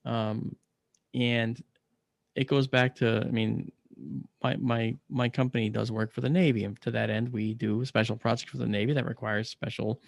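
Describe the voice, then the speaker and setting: Gravelly man telling a personal story. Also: medium pitch, normal speed, no room sound, clean studio sound. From United States. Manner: animated, acts out quoted voices. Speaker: interview guest.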